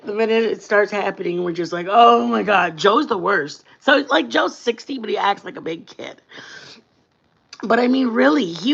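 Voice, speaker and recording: A livestream host shares personal stories in a casual chat, playful and giggly, laughing often. Her mid-range voice is creaky and husky, and the sound is lo-fi.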